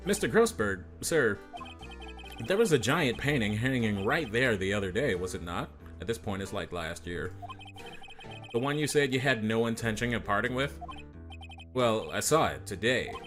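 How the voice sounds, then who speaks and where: A man's voice: fairly low pitch, lively intonation, moderate pace, fairly bright tone, soft background music. A man voicing an earnest, flustered young defense lawyer in a fan dub of a game, with wry asides. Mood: probing.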